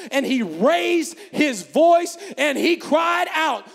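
Man, preacher, fervent shouting sermon, very high voice, gravelly edge, long hall reverb. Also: expressive, takes it slowly, noisy background. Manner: fervent, shouting, call and response.

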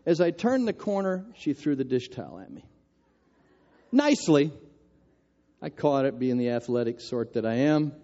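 An older man preaching a sermon, telling a story in a lively, self-mocking way. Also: mid-range voice, moderate pace, pauses often, lo-fi sound.

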